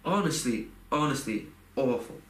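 A young man with a medium-pitched, slightly bright, expressive voice tells a personal story at a moderate pace, rambling and heartfelt, with plenty of fillers and restarts. It has the feel of a casual podcast chat. The recording has a roomy echo and faint background noise.

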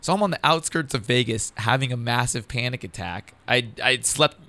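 A man's voice: mid-range voice, normal speed, sharp tone. A man, a stand-up comedian, telling a long rambling story in casual chat, swearing and saying "dude" constantly. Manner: rambling, profane, says dude a lot. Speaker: podcast guest, stand-up comedian.

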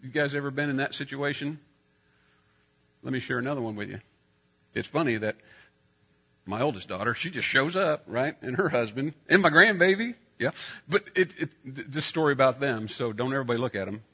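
A middle-aged man preaching a sermon, telling a personal story and getting loud when he acts out scenes. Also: medium pitch, expressive, fairly quick, breathy edge, dull audio.

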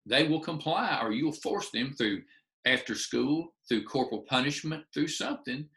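Animated man telling stories. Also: medium pitch, moderate pace, echoey room. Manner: animated storyteller, acts out dialogue, restarts often. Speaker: speaker telling a story from his teaching career. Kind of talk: storytelling talk to an audience.

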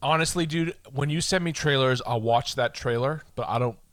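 A man from the Boston area speaks emphatically in a casual chat, often repeating himself to drive a point home. The recording is dry and close, with no room sound around his mid-pitched voice. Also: moderate pace, a bit bright, no echo. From Boston area, USA. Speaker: podcast co-host.

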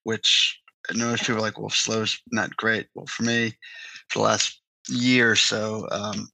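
A man's voice: lowish voice, little pitch movement, unhurried, vocal fry, bright, forceful tone, no echo, low-quality recording. A man co-hosting a podcast, talking in a laid-back, upbeat casual chat. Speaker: podcast co-host.

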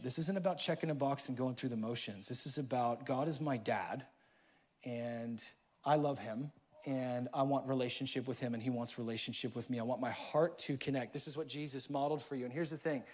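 Casual, energetic male pastor preaching. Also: a little high. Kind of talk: sermon. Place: church.

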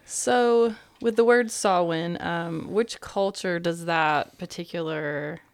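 A woman's voice: on the low side, slow pace, clean tone, dry recording. A woman hosting a podcast interview, curious and agreeable, asking follow-up questions. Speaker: podcast host. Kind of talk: interview conversation.

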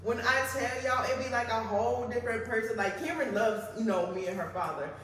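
A woman's voice: fairly high pitch, fairly quick, background noise. Young woman on a podcast, chatty, far off the mic, big echoey hall sound. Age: young adult. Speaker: podcast co-host. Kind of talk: casual chat.

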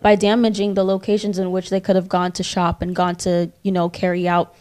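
A woman's voice: fairly low pitch, little pitch movement, a little fast, darkish tone. A woman in a casual discussion, telling her story with animation and acting out the voices of the people in it.

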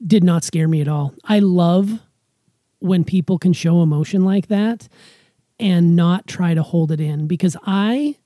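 Husky, low-voiced young woman. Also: measured pace, no echo, studio quality. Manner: teasing, chatty, warm-hearted banter with her younger sister. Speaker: podcast host. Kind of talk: casual chat.

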